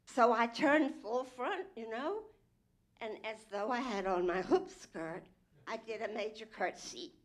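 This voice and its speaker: A woman with a fairly high voice, chatting with a host at a live show. She tells her story in a giggly way and hams it up. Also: lively intonation, a little slow. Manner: chatty and giggly, a self-declared ham. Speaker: audience member. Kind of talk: telling a story to a stage host. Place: live venue with an audience.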